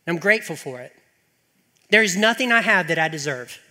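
Bright-voiced preacher man in a reverberant hall. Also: high voice, fairly quick. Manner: animated, exasperated rants with rhetorical questions. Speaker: pastor. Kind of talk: sermon.

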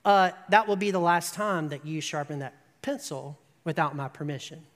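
A bossy schoolyard bully barks out curt orders, as a preacher quotes him. The voice sits at a middling pitch and rings in a long hall echo. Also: moderate pace, lightly acted. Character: threatening schoolyard bully boy.

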